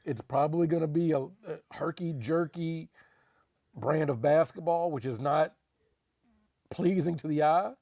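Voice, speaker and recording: A man with a slightly higher, gravelly voice chats loosely about sports and keeps coming back to the same points for emphasis. The sound is dry and close, with no room around it. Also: unhurried, no echo. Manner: animated, laughing, emphatic repetitions. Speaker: podcast co-host. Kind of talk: casual sports talk.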